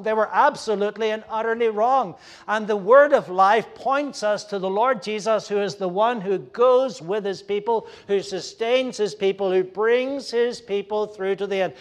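Delivering a sermon, a high-voiced male pastor speaks in an earnest, halting manner full of fillers and restarts, raising his volume whenever he complains.

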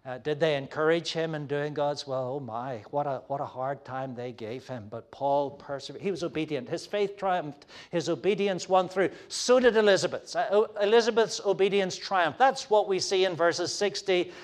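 A man preaching a sermon to his congregation, earnest and animated, now and then acting out quoted voices. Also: fairly high pitch, moderate pace. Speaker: pastor.

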